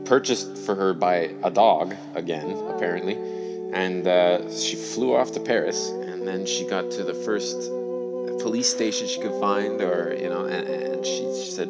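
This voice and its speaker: A man improvising a bedtime story, rambling and animated, with many restarts and voices for his characters. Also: low voice, unhurried, loud music behind the voice.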